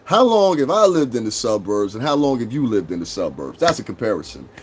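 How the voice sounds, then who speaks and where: A man's voice: medium pitch, big pitch swings, fairly quick, husky. A man with a New York accent in his thirties, hosting a casual livestream, brash and profane as he talks straight to his chat. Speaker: livestream host.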